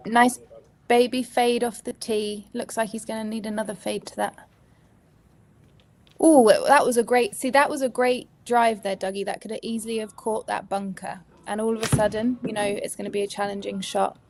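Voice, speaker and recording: A woman co-hosting live golf commentary as analyst, lively and encouraging, playful with her co-host. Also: mid-range voice, a little fast.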